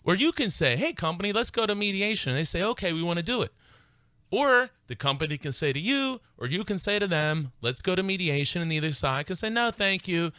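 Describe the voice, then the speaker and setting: A man's voice: sits high, expressive, a little fast, bright, forceful tone, clear, resonant tone, no room sound. A man hosting a legal advice radio show, talking in an emphatic, fired-up way and repeating points for stress. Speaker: radio show host and attorney. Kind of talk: call-in style legal advice radio talk.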